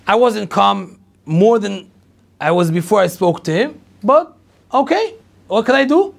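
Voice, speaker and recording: A man's voice: high voice, expressive, measured pace, creaky. A middle-aged man, a rabbi telling a personal story to an audience and acting out the dialogue, with lots of repetition. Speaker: rabbi lecturer.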